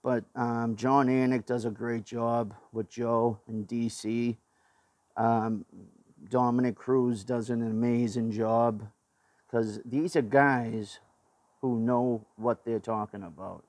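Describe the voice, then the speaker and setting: A man's voice: mid-range voice, little pitch movement, slow pace, a little mellow, no room sound. A man with a Boston accent hosting his own show, ranting blunt and profane opinions in a rambling way, full of fillers and restarts. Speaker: show host. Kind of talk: casual opinion rant to camera.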